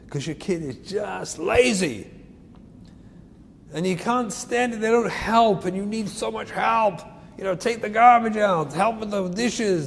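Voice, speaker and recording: Emphatic man giving an inspirational talk. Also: sits high. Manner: earnest, emphatic, mixes in Hebrew terms. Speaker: parenting speaker. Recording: echoey hall, faint noise.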